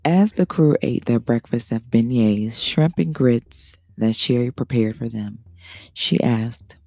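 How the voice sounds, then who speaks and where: A man hosts his show and reads an adult story in a loose, bawdy manner. His voice is gravelly and mellow, sitting at a middling pitch. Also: unhurried, dry recording. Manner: casual, bawdy.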